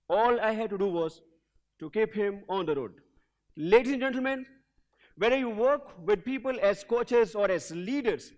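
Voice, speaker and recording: A man giving an energetic motivational keynote as a leadership coach in a hotel event hall, telling a story and leading the audience in call-and-response. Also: high voice, moderate pace.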